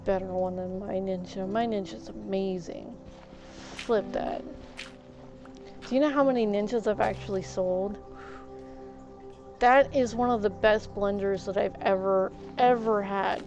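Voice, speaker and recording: A woman's voice: medium pitch, steady tone, unhurried, long pauses, highs cut off, over music. A woman streamer venting in a casual rant, indignant and full of fillers and restarts.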